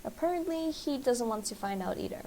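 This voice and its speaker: A woman streamer who reads a dating game aloud quickly, a bit out of breath and poking fun at herself. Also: fairly high pitch, lively intonation, mellow, slight background noise, rough recording. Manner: fast, self-mocking reading. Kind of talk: game dialogue read-along.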